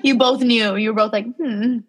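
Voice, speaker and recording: A woman's voice: mid-range voice, normal speed. A young woman co-hosting a casual podcast who laughs often and tells rambling stories full of fillers. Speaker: podcast co-host. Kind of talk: casual chat.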